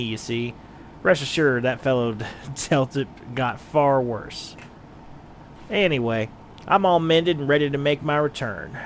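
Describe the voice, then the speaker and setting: A man's voice: medium pitch, slight background noise, lightly acted. A man voicing a boastful male gladiator who rambles, in a mock British accent that drifts toward Southern. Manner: rambling, hearty. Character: boastful male gladiator, mended, eager for glory.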